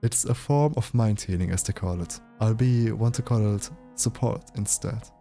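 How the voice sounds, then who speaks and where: Weary pedantic old male halfling scholar, voiced by a man, stilted accent, low dark grumbling delivery, game dialogue. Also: normal speed, creaky, faint music behind. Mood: lecturing. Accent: stilted halfling accent put on. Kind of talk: game dialogue read aloud.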